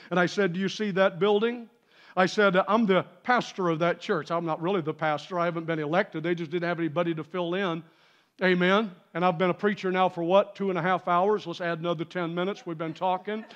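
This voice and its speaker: A man preaching a sermon in a church, telling a story, dropping to quiet asides and rising to shouted peaks. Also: sits high, muffled recording. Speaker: pastor. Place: church sanctuary.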